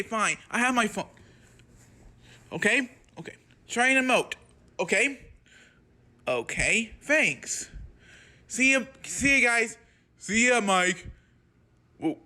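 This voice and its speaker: A man's voice: high voice, expressive, takes it slowly, pauses often, sharp tone. A man acting out a playful homemade skit, switching between put-on character voices.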